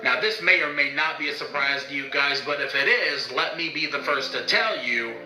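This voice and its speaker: A man's voice: on the high side, moderate pace. Angry swearing man vlogging in an echoey room. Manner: bitter, swearing, heated outbursts. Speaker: YouTuber. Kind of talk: angry vlog rant. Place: indoors, talking to own camera. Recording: roomy echo, faint music.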